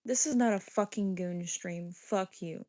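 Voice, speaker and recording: A woman's voice: medium pitch, a little slow, warm tone. A woman hosting a casual livestream from her phone, reading the chat and cursing constantly as she argues back at viewers. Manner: profane, confrontational, heavy cursing. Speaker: livestream host. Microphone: phone held away from face.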